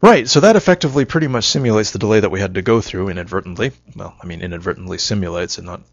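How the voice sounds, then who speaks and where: A man's voice: fairly low pitch, animated, very fast, dry recording. A man giving a rambling, self-mocking solo monologue, wry and punchy, on a dull lo-fi recording.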